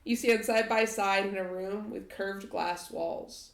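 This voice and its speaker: Brief: woman game master, calm descriptive narration, roomy echo. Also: medium pitch, creaky, very noisy. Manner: measured, descriptive. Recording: echoey room.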